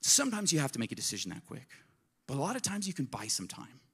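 A male pastor preaching with animated, conversational energy. He shifts between punchy, raised lines and quiet, confiding asides, often acting out small exchanges as he goes. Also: medium pitch, fast, slightly rough. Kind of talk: sermon.

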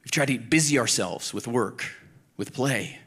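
A man's voice: medium pitch, unhurried, a bit bright, slightly rough. Earnest man preaching conversationally. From Colorado, United States. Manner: earnest, emphatic, talks straight to the listeners. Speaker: pastor. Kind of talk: conversational sermon.

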